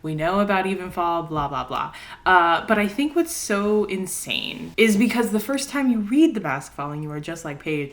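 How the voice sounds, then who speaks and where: A young adult woman chatting casually in a reading vlog, excitable and rambling, laughing often as she talks at home. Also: on the low side, normal speed. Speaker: book vlogger. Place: home, indoors.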